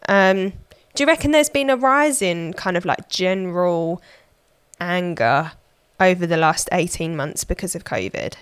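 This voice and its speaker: Chatty woman with smooth voice. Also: lowish voice, animated, unhurried, no echo. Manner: chatty, thinks aloud with many fillers. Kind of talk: casual podcast chat.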